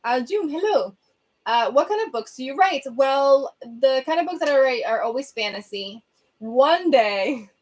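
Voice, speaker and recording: A young woman with a fairly high voice chats casually on a livestream, replying to viewer comments. She rambles and hums as she moves between thoughts, captured by the built-in webcam mic of a laptop at home in a room with a bookshelf.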